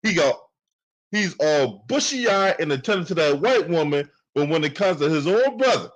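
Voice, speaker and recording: Male commentary host, AAVE speech, heated profane rant, slightly higher-pitched voice. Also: expressive, normal speed, highs cut off. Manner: heated, profane, repetitive ranting. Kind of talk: angry political commentary.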